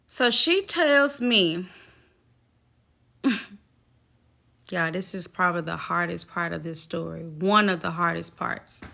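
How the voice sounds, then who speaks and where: A woman's voice: lowish voice, takes it slowly, gravelly, long pauses, pushed and bright. A woman telling a personal story to her viewers in a casual storytime vlog, emphatic and talking straight to them. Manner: emphatic, talks straight to viewers, acts out quoted voices.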